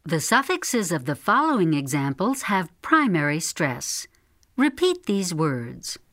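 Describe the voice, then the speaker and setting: A woman reading model words and instructions for a pronunciation lesson, clearly articulated with model stress. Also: fairly low pitch, sing-song, measured pace, a bit bright.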